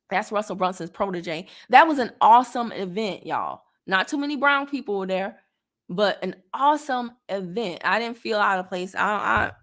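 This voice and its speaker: A woman's voice: medium pitch, creaky, fairly bright tone. A woman network marketing coach talking straight to camera, blunt, sassy and colloquial, and easily worked up. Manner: gets worked up. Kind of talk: casual direct-to-camera talk.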